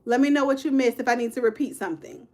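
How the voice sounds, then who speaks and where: A woman in her fifties, a fast talker with a slightly high, slightly mellow voice, hosts a relaxed true-crime livestream. She speaks straight to viewers with "y'all," "child" and "honey," replying to comments as they pop up.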